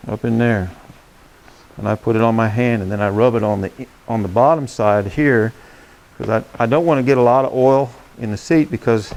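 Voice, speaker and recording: His voice is lowish, gravelly, and a little mellow. A horsemanship instructor, he gives a hands-on demonstration of saddle care beside his horse, speaking plainly and folksily and asking "okay?" along the way.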